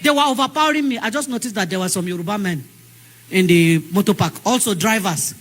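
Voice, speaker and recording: A woman's voice: mid-range voice, fast, a little hiss or hum. A Nigerian woman preacher with a big voice, delivering an emphatic, sing-song sermon.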